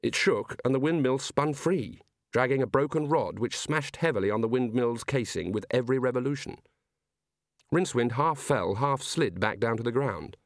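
A man's voice: medium pitch, expressive, moderate pace, dry recording. A man reading a comic fantasy audiobook aloud in a dry, wry storytelling manner. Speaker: audiobook narrator. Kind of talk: scripted narration.

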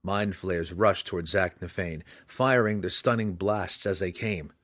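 A man narrating a fantasy audiobook with a dramatic, expressive reading. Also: sits low, measured pace, dry recording, studio quality.

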